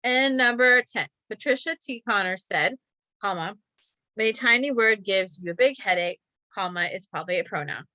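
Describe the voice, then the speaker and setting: A woman's voice: mid-range voice, moderate pace, bright, forceful tone, no echo, muffled recording. A woman teacher reading practice sentences aloud and calling out each comma, with chatty asides. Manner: chatty asides about a company.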